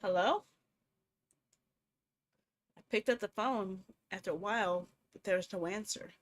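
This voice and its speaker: A young woman streaming a horror game, commenting casually and reading story text aloud with animated, jokey delivery. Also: mid-range voice, brisk.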